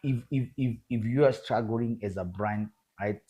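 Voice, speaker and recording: A man's voice: fairly low pitch, normal speed, mellow, husky. A man speaking as a guest photographer in a casual interview, emphatic and repetitive, calling the listener bro. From Kenya. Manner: emphatic, repeats words, addresses listener as bro.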